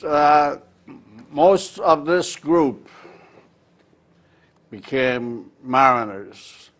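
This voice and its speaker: Old irish guy telling stories slow, lots of uhs, middle pitch. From Ireland. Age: older. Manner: measured, with frequent "uh" pauses. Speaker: interview guest. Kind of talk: reminiscing in a local TV interview.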